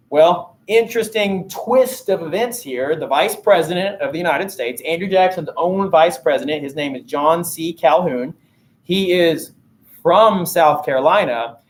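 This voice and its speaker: A man with a slightly high voice delivers a recorded history lesson. He explains things casually and keeps it light with joking, slangy asides. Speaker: history teacher.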